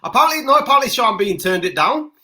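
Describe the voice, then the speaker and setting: A man's voice: very high-pitched, big pitch swings, quick pace, pushed and bright. A man co-hosting a podcast, chatting casually and bantering with frequent laughs. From Britain. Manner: jokey banter, laughs often. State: parent. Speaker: podcast co-host. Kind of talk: casual chat.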